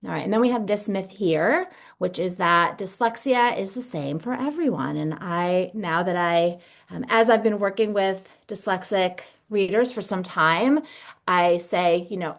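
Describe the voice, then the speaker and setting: A woman's voice: fairly low pitch, unhurried. A woman in her thirties, a literacy consultant, explaining reading strategies in a chatty, explanatory teaching manner with fillers, over a video call. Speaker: literacy consultant and dyslexia tutor. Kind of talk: webinar presentation. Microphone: video call mic.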